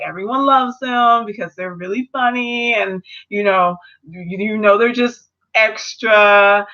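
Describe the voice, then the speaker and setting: A young woman in a casual review chat, animated and slipping into character voices as she retells scenes. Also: fairly high pitch, muffled recording. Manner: animated, acts out characters in quotes. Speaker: video reviewer.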